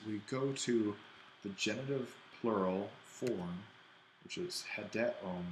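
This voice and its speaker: A man's voice: on the low side, vocal fry, slight background noise, rough recording. A man teaching an ancient Greek exercise, thinking aloud and correcting himself as he writes. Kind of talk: worked-exercise lesson.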